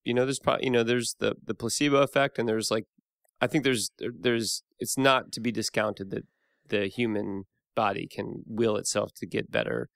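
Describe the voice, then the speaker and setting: A man in his thirties rambles through easygoing conversation, circling back and restarting his thoughts. His voice sits mid-range with a gravelly, creaky edge. The recording is dry and close. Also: medium pitch, fairly even intonation, moderate pace, fairly bright tone, no room sound. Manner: rambling, many restarts and fillers. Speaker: podcast guest host. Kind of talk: casual chat.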